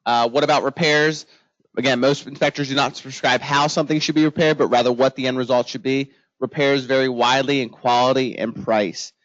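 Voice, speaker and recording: A man's voice: mid-range voice, fairly even intonation, a little fast, a bit bright, no room sound. A man, a home inspector giving an informal training talk to real estate agents, telling funny stories and acting out his own panicked reactions. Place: office training room. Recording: dull lo-fi room recording.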